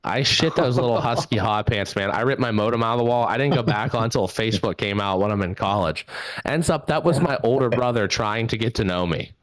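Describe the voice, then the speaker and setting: A man's voice: mid-range voice, a little fast, no room sound. A man in his thirties from southwestern Pennsylvania doing a rambling, self-deprecating stand-up set into his laptop. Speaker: stand-up comedian.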